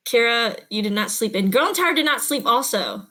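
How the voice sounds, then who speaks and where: A woman's voice: on the high side, expressive, fairly quick, sharp tone, low-quality recording. A woman narrating a tabletop game as game master, casual and chatty, laughing often.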